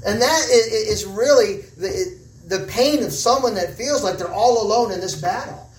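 A man preaching a sermon as pastor, urgent and rising at times, then slow and hushed. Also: sits high, lively intonation. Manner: impassioned preaching, swinging from urgent rises to slow, hushed stretches. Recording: echoey room, voice from far off the mic.

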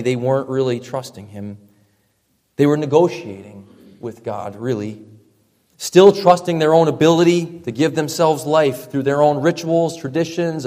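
A male pastor preaching a sermon, emphatic, dropping to a hush for effect and piling up repeated phrases. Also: on the high side. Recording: long reverb from a large hall.

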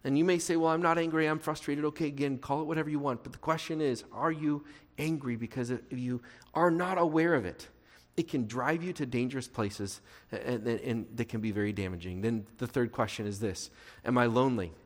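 A pastor with a mid-range, fairly quick voice preaches a sermon in an earnest, conversational way. He asks his listeners rhetorical questions and adds playful asides, all in a reverberant hall.

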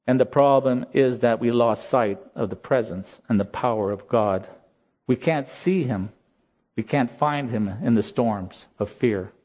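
A man delivering a sermon at a slow, deliberate pace, his voice mellow and unhurried. He preaches earnestly and lifts into emotional peaks. The recording sounds slightly dull and lo-fi. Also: mid-range voice.

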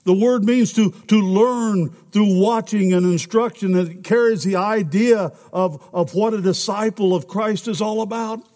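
A man's voice: high voice, measured pace, few pauses, mellow. A man preaching a sermon as a pastor in a church sanctuary, emotional and at times urgent. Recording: long reverb in a large sanctuary.

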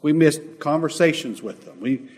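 A man preaching a sermon as a pastor, swinging between loud emphatic lines and soft, quiet asides. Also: a little high, animated, normal speed, husky, big-room sound.

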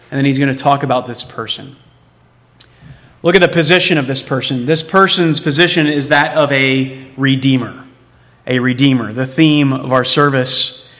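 A man's voice: medium pitch, unhurried, fairly bright tone. A man preaching a sermon as pastor. He speaks emphatically and puts rhetorical questions to his congregation. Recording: long hall reverb.

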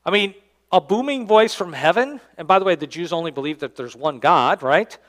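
A man, the church's pastor, preaching a sermon and reading scripture aloud, swinging between loud emphatic lines and quiet low endings. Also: brisk. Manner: reads scripture aloud in King James wording. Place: church sanctuary.

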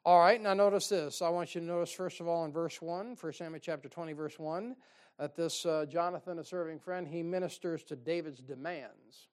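A man preaching a sermon in a folksy, conversational way with quick asides. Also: on the high side, clear, resonant tone. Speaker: pastor.

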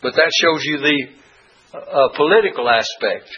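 A man preaches from a dull, lo-fi recording, his voice bright and forceful with a slightly high pitch. He reads scripture aloud with rising emphasis and breaks off into halting asides. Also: lively intonation, breathy edge. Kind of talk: sermon with scripture reading.

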